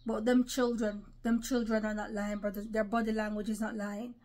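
This online preacher has a mid-range, somewhat dark voice and a flat delivery at normal speed. In her vlog she gives religious commentary emphatically, frequently addressing brothers and sisters.

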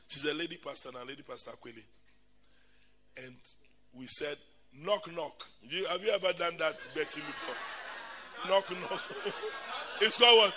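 High, bright-voiced preacher. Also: male voice, a little hiss or hum. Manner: animated, laughing often, addresses the audience directly. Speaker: bishop preaching. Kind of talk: lively storytelling sermon. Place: church camp gathering.

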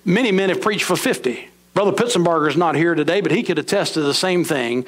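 A middle-aged man preaching a sermon in a church, swinging between high emphatic lines and low, slow drops. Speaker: pastor. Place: church sanctuary.

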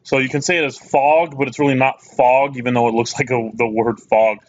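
A man's voice: medium pitch, fairly even intonation, brisk. A man teaching a recorded math lesson, casual and plain-spoken, often checking in with "okay?". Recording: slightly muffled lo-fi recording.

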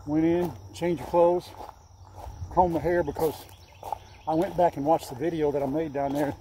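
A man's voice: a little high, fairly even intonation, moderate pace, mellow, a little hiss or hum. An older man chatting casually through a farm vlog outdoors, rambling and fondly coaxing his animals. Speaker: farm vlogger. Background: faint insects and crickets.

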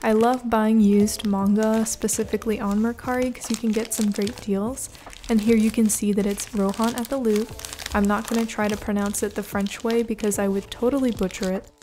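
A woman's voice: mid-range voice, steady tone, normal speed, dark tone, slight background noise. A woman narrating a chatty voice-over for her own video, gushing with enthusiasm as she talks to her viewers. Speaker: manga vlogger. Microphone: home voice-over mic. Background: lo-fi background music.

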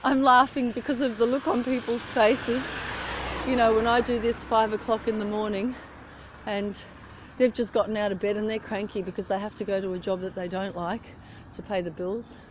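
Street traffic rumbles behind a middle-aged vlogger who films on her phone while walking outside on a cold early morning. She chats casually and rambles between thoughts in a medium-pitched, flat voice at normal speed.

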